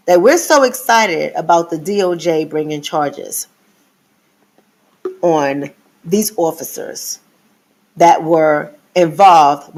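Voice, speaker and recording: A middle-aged woman hosting a live stream, who lectures her viewers in a teacherly way and repeats her points. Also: low voice. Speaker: host.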